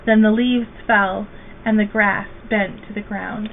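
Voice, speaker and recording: A woman's voice: mid-range voice, gravelly. Woman reading a storybook aloud, tinny sound. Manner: slow, gentle and expressive. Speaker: guest reader. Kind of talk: children's storybook read-aloud. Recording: tinny phone-like, faint hiss.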